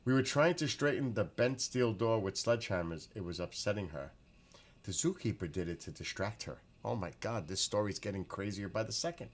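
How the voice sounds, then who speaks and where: At normal speed and a fairly low pitch, a man runs a casual livestream where he chats and reacts to comments from viewers. He's excitable, often breaking into exclamations and laughter.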